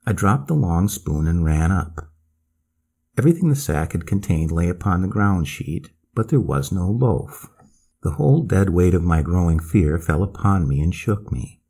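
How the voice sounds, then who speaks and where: A man narrates a bedtime story in a measured, expressive way. His voice is deep and dark with a gravelly, husky texture. The pitch moves in lively swings.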